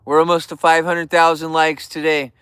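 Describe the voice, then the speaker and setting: A man's voice: a little high, little pitch movement, moderate pace, fairly bright tone, smooth, dry recording, clean studio sound. A man hosting a casual livestream, chatting and joking in a goofy, youthful-sounding voice. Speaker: livestream host.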